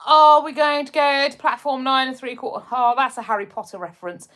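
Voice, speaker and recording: A woman's voice: sits high, fairly quick, a bit bright. Chatty English woman hosting a livestream. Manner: chatty, laughs often, calls viewers "my darling". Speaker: livestream host. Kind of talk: casual livestream chat reading comments.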